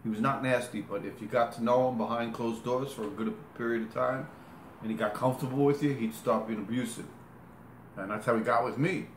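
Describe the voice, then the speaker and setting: Slightly fast and steady in tone, a mid-range male interviewee rambles casually through a lengthy personal anecdote, self-correcting and demonstrating movements as he goes. Slight background noise and faint ambience fill the echoey room.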